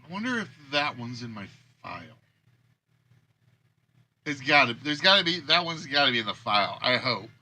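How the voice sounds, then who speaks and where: A man's voice: mid-range voice, very animated, normal speed, pauses often, pushed and bright. A man hosting a casual livestream, rambling and thinking aloud about the games he builds. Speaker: game show host and creator.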